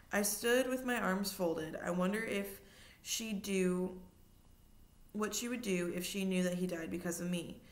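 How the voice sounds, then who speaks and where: A woman reading a children's novel aloud in steady narration, now and then adding a short aside to her listeners. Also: medium pitch, measured pace. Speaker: reader.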